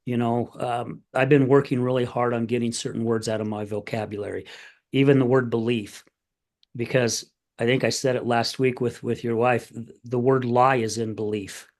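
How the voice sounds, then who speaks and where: A man's voice: mid-range voice, normal speed. Storytelling middle-aged male podcast host. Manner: storytelling, animated retelling of conversations; candid, plain-spoken. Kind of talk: casual conversation.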